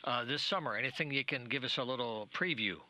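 A man's voice: mid-range voice, fast talker, low-quality recording. A man hosting a local radio show, chatting casually with a guest and rambling into personal stories. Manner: chatty, rambling, drops to a hush when telling a personal story. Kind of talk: casual radio interview chat. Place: radio studio.

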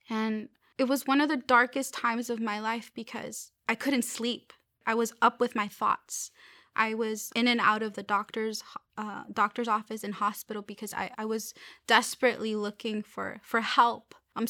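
A young woman sharing a personal faith testimony, earnest and halting, often restarting her sentences. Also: a little high, bright, forceful tone, no echo, clean studio sound.

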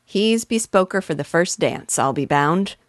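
A woman's voice: lowish voice, expressive, a little slow, no echo, clean studio sound. A woman voicing a jovial, chatty older uncle who teases and banters, in a read-aloud novel lesson. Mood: teasing. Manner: teasing, bantering.

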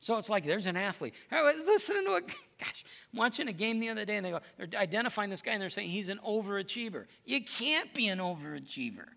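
A man preaching with lively, storytelling energy. His fairly high voice swings widely in pitch and has a gravelly edge. The tone is bright and forceful. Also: fast talker. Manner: lively storytelling, animated and emphatic. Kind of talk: sermon.

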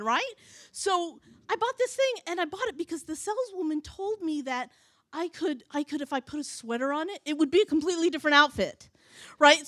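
High-voiced laughing woman storyteller. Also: fairly bright tone, no room sound. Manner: chatty, laughing, many restarts and quoted asides. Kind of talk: live personal storytelling.

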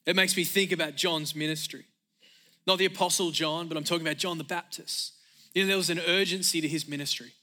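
A man preaching a sermon as pastor, emphatic and energetic, returning again and again to a repeated refrain. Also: on the high side, quick pace.

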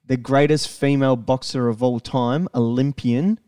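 An Australian man co-hosting a podcast, talking sport in a blunt, excitable way and swearing freely. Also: mid-range voice, normal speed, clear, resonant tone, no room sound, studio quality, distant mic. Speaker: podcast co-host. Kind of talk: casual chat.

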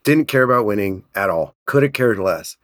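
A man telling a business story in an energetic, animated way, laughing often. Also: fairly low pitch, normal speed, dry recording, clean studio sound. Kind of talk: casual storytelling.

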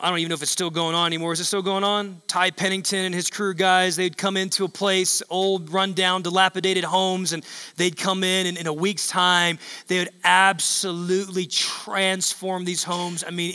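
High, bright-voiced male preacher. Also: level tone, normal speed, clean tone, long reverb tail. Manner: emphatic and repetitive, building to shouts. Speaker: pastor. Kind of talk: sermon.

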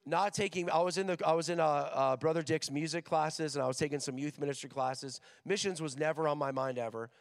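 High-voiced man preaching in a reverberant hall. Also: brisk, gravelly, few pauses. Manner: energetic, joking, acts out voices in stories. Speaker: missions director speaking at a school chapel. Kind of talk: sermon. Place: large hall with an audience.

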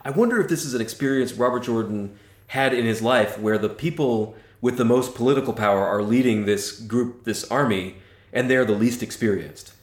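A man's voice: medium pitch, normal speed. A man co-hosting a casual book discussion podcast, talking with enthusiasm and laughing often. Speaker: podcast co-host. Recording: roomy echo.

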